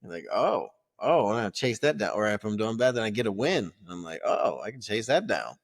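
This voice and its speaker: Low-voiced man with lively pitch. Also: fairly quick, gravelly. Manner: swearing, loosely reasoning back and forth. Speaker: podcast co-host. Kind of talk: casual chat.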